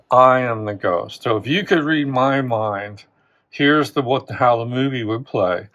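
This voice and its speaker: A man hosting a channel, giving an unscripted close reading of song lyrics, thinking aloud with rhetorical questions and frequent restarts. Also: mid-range voice. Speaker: literature teacher and channel host.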